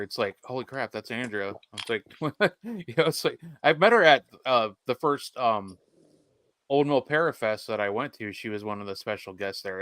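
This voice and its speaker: An easygoing man talking casually as a podcast co-host. His voice has an ordinary middle pitch. The sound is dry and close, with no room echo. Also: pushed and bright. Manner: easygoing, laughs along and backs others up with short replies. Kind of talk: casual chat.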